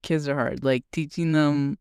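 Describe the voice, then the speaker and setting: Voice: mid-range voice, fairly even intonation, unhurried, a little mellow, clean tone, no echo, studio quality. A co-host in casual podcast chat who talks eagerly about old shows and sometimes brings in a Bible verse. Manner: enthusiastic, quotes scripture.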